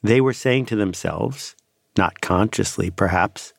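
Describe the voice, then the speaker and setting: A man with a low, gravelly voice narrates a podcast essay in measured phrases. He leaves dramatic pauses between short clauses. The sound is dry and close to the mic. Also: no room sound. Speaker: podcast host.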